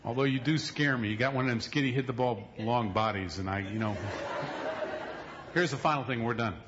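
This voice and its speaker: A middle-aged man preaching a sermon, telling a story with acted quotes, moving from loud to hushed. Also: medium pitch, a little fast, muffled recording. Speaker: pastor.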